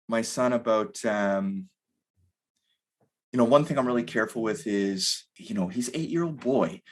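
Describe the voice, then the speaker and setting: Man, thirties, casual podcast guest, rambling, lots of fillers, medium pitch. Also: a bit bright. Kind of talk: casual conversation.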